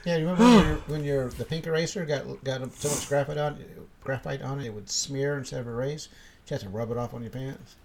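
A man's voice: mid-range voice, brisk, creaky, a little mellow, slight background noise, poor audio. A man co-hosting a casual podcast chat, rambling and joking, laughing often. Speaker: podcast co-host.

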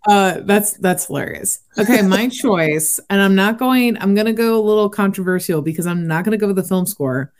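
A woman's voice: mid-range voice, moderate pace, hardly any pauses, a little mellow. A chatty woman hosting a podcast in a casual conversation. She laughs easily, and her voice stays in a middle range for a woman. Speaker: podcast host.

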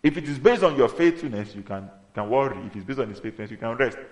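A man preaching a sermon, in an emphatic manner that rises to loud exhortation. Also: medium pitch, animated, fast. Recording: echoey room.

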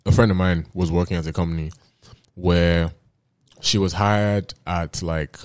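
A man's voice: low voice, steady tone, unhurried, a little mellow, dry recording. A man hosting a casual podcast, laid-back, swearing freely and using slang. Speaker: podcast host. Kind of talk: casual chat.

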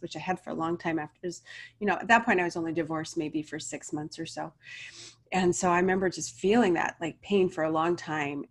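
A middle-aged woman talking casually and earnestly as a spiritual coach and card reader, rambling a little. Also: fairly low pitch. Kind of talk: casual spiritual vlog talk. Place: home video setup.

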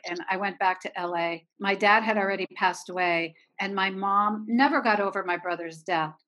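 A woman in her sixties from Erie, a film producer guest, telling lively anecdotes and laughing often. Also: fairly low pitch. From Erie, Pennsylvania. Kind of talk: anecdotal storytelling.

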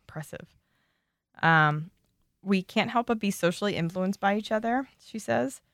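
A woman's voice: medium pitch, moderate pace, no echo, studio quality. A young woman co-hosting a casual chat, reading from an article with easy fillers and asides. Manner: relaxed, reads notes with fillers. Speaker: podcast co-host.

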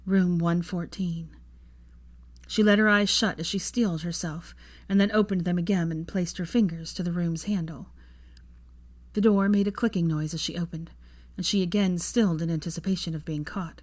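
A woman narrates a story aloud with a low voice. Her delivery is calm and even, with a steady storytelling pace. It is a reading of fan fiction. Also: moderate pace.

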